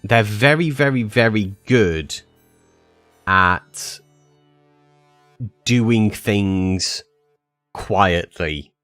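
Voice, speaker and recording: A man's voice: fairly low pitch, very slow, long pauses, fairly bright tone, no echo, faint music behind. A man chatting casually with his live-stream viewers, rambling with many fillers and restarts.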